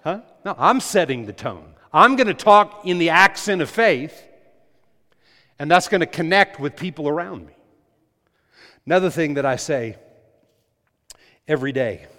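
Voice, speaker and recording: A man's voice: on the high side, lively intonation, unhurried, pauses often, pushed and bright. Preaching man in a reverberant church hall. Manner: emphatic, repetitive preaching with rising volume. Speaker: pastor. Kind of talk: sermon.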